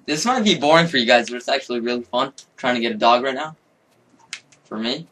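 A young man commentating his own game, excitable and swearing, with sudden yelling outbursts. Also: medium pitch, brisk, far from the mic, a little hiss or hum. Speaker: gamer.

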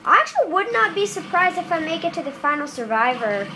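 A woman giving casual commentary over her own game, jittery and nervous that turns into shouted excitement, recorded on a camera filming the screen. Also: extremely high pitch, fast, faint music behind. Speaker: gameplay commentator.

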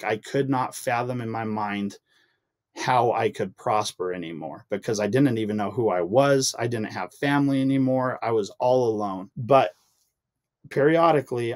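Man, lowish voice, earnest heartfelt testimony, podcast guest. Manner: earnest, emotional storytelling, rising when frustrated. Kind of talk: personal testimony in casual chat.

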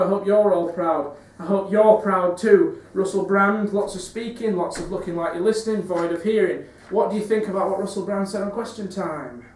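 A man giving a live spoken-word performance lecture, rhythmic and repetitive, swinging from wry asides to loud rants. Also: high-pitched. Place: performance venue with audience. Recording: echoey hall, mic far off.

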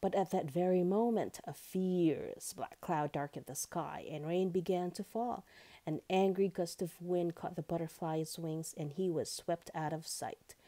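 A woman reading a children's picture book aloud as storyteller, with expressive sing-song narration. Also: on the low side, measured pace.

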